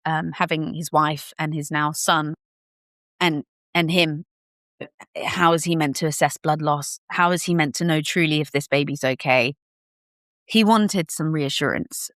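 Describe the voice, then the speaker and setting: Speaking as a podcast guest, this young woman shares her birth story with casual candor and some swearing, animatedly voicing what others said. She has a deep, fairly bright voice with a steady tone and measured pace, captured in clean, echo-free studio sound.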